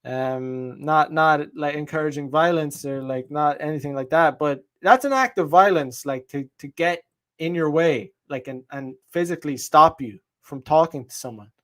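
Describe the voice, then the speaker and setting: A man's voice: a little high, moderate pace. A podcast host, a man, talking in a heated, profane casual monologue with lots of emphasis.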